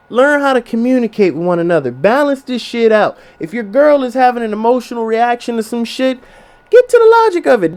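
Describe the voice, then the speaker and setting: High-voiced young man ranting casually. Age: 20s. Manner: profane, blunt, advice-giving. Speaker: podcast host. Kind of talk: casual podcast rant.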